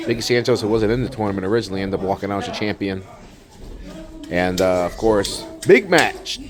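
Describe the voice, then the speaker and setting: A man's voice: fairly low pitch, brisk. A man doing joking play-by-play commentary for a wrestling match, his voice jumping up sharply at the big moves. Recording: loud crowd and music behind.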